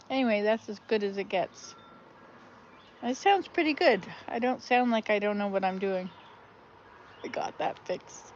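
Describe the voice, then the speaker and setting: A woman's voice: medium pitch, measured pace, pauses often, dull audio, a little hiss or hum. A woman vlogger chatting casually and rambling from her outdoor garden, recorded on a phone. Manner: chatty, rambling, self-chuckling. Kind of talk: casual live-stream chat. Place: outdoor garden with wind chimes.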